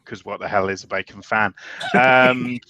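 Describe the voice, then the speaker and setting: A man's voice: lowish voice, fairly even intonation, moderate pace, highs cut off, background noise. A man hosting a casual livestream chat, joking and swearing with plenty of ums. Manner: joking, swears, many fillers. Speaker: host.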